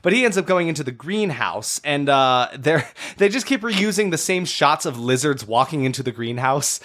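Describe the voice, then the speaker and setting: A man's voice: fairly high pitch, expressive, normal speed, fairly bright tone. A man co-hosting a casual movie podcast, recapping scenes with wry asides. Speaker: podcast co-host. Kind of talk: casual movie review chat.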